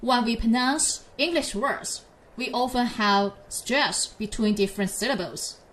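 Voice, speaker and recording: A woman's voice: fairly high pitch, a bit bright. A woman teaching a pinyin lesson in English, patiently modelling each syllable for learners to repeat. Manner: slow, patient, drawn-out model syllables for repetition. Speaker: Chinese teacher.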